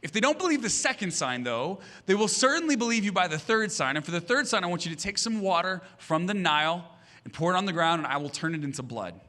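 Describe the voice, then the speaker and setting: Speaking fast with lively intonation, this pastor in his thirties has a high-sitting voice that sounds pushed and bright. His church-stage sermon leans on humorous family stories, with him acting out the voices of everyone in them.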